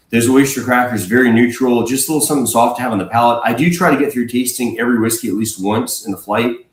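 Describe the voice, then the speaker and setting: A man, a whiskey blender, speaking casually as a livestream guest, relaxed and rambling with fillers and restarts. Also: medium pitch, reverberant, low-quality recording. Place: home.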